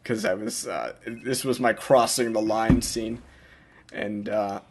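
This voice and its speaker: A man's voice: lowish voice, steady tone, takes it slowly, slight background noise. A young man giving a casual, self-mocking director's commentary, rambling with lots of filler words.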